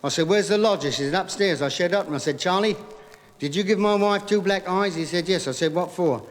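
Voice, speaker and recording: A man doing stand-up comedy, telling joke after joke in a brisk patter full of "he said", recorded live on stage. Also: high-pitched. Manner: rapid gag patter with repeated "he said". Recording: live vinyl recording in a hall with audience laughter.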